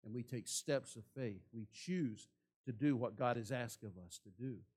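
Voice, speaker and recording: A man's voice: medium pitch, unhurried, a little mellow, breathy edge. A man preaching a sermon in church, asking the congregation rhetorical questions. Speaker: pastor.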